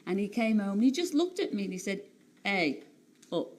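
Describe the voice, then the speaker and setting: A woman in her late thirties from Liverpool, speaking with a Liverpool accent as a talk-show guest, telling stories in a chatty, animated way and laughing often. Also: mid-range voice, quick pace, slight background noise. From Liverpool, England. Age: 30s. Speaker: singer and TV entertainer, guest. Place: TV studio.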